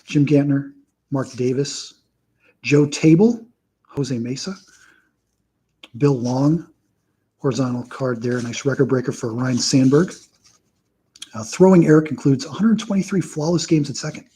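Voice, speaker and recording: A man hosting a casual live stream, reeling off a steady list of names and dropping dry, wry asides along the way. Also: medium pitch, unhurried, long pauses, slight background noise, rough recording. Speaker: host.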